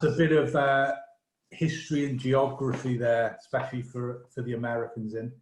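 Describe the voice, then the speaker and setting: A man's voice: medium pitch, level tone, fairly quick. A Scottish man hosting a comedy show over a video call, cheering on and introducing the acts in an upbeat way. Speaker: host. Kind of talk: introducing comedians on a live stream. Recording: echoey room with noisy clicks.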